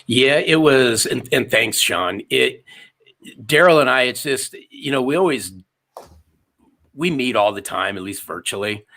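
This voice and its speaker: Emphatic man in his fifties, bright-voiced. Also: mid-range voice, lively intonation, measured pace, vocal fry. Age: 50s. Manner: emphatic, repeats phrases for effect. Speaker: guest, sales author and podcaster. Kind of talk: storytelling interview answers.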